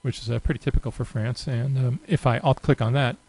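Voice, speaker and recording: A man giving a relaxed, unscripted screen-recorded software tutorial, thinking aloud with many fillers. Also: mid-range voice, brisk, husky, low-quality recording. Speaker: software demonstrator.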